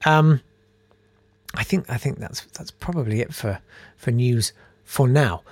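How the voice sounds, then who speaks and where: A man's voice: medium pitch, measured pace, no echo. A man hosting a casual news chat, sarcastic and rambling, full of ums and uhs. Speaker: host.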